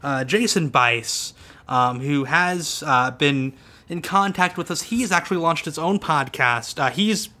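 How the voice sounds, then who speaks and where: A man's voice: on the high side, measured pace, sharp tone. A man co-hosting a casual podcast, launching into a profane, mock-angry rant. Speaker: podcast co-host.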